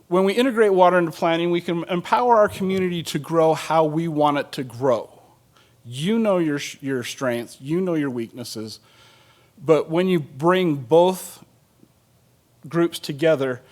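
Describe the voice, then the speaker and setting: A middle-aged man gives a conference panel talk in a relaxed, joking way, with plenty of ums and uhs. His voice sits a little high for a man. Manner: casual and joking, with many fillers. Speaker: state water agency planner presenting at a conference.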